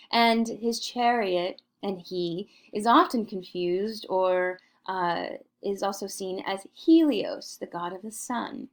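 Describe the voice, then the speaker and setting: A woman teaching an art history lecture in a playful, theatrical way, slipping into mock-aristocratic asides. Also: mid-range voice.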